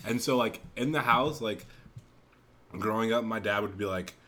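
A man's voice: fairly low pitch, normal speed. A young man hosting a podcast, chatting casually and telling stories full of swearing. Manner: profane, animated storytelling. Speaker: podcast host. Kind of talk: casual chat.

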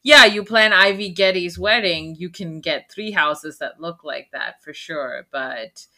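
A woman's voice: lowish voice, a little slow, sharp tone. A woman co-hosting a podcast, talking brashly with profanity and comic exaggeration. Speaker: podcast co-host. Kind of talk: casual chat.

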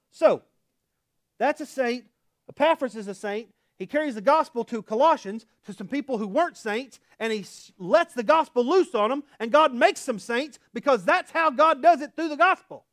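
A man's voice: very high voice, lively intonation, normal speed, no echo, clean studio sound. A man with an Oklahoma accent preaching a sermon to his church in a folksy, chatty way, laughing at his own asides. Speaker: pastor. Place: church sanctuary.

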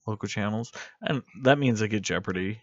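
A man's voice: fairly low pitch, fairly quick, dry recording. A man hosting a podcast, chatting casually in a blunt, joking and profane way. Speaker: podcast host. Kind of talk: casual chat. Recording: slightly muffled podcast audio.

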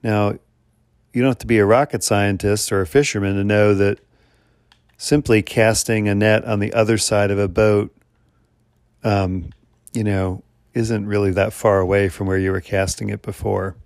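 Earnest male podcast host, low voice. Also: fairly even intonation, a little mellow, dry recording, studio quality. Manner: earnest, measured storytelling with rhetorical questions. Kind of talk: reflective spoken sermon.

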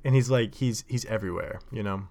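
A man with a somewhat low voice talks through a casual solo monologue. He rambles, stacks up fillers and restarts, and laughs at himself along the way. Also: fairly quick, vocal fry, darkish tone. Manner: rambling, lots of likes and self-corrections, laughs often. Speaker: podcast host.

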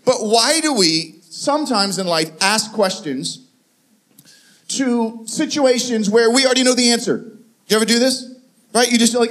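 A middle-aged man preaching, telling an animated story and acting out both sides of a conversation, with many restarts. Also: extremely high pitch, moderate pace. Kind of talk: sermon story.

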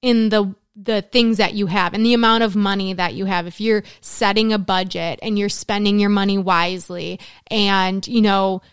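A mother of four in her middle years, talking in an earnest, conversational way that runs into long lists. Her voice is smooth and resonant at a mid pitch, recorded close and dry with no room sound. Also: steady tone, moderate pace, hardly any pauses, no room sound. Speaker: guest, works with mothers in recovery. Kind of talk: casual conversation.

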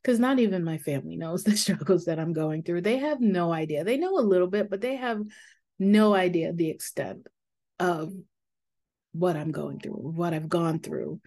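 A woman hosts her own podcast in a casual, personal way, her voice sitting a little on the low side. She talks candidly and reflectively, with frequent fillers and soft laughs. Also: normal speed. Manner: calming voice for guided meditations. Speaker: podcast host.

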